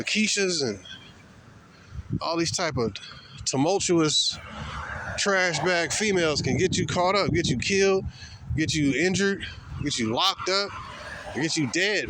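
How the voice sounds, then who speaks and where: A man ranting in blunt, slang-heavy commentary, sneering at the people he describes. His voice sits a bit high for a man, and steady vehicle noise runs under it. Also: unhurried, pauses often. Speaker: commentary vlogger.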